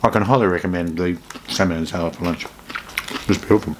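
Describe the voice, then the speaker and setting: Chatty deep-voiced man in a hotel room. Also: fast talker, long pauses, background noise. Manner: chatty, rambling, jokey, self-correcting. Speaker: vlogger in hotel quarantine. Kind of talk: casual self-filmed vlog.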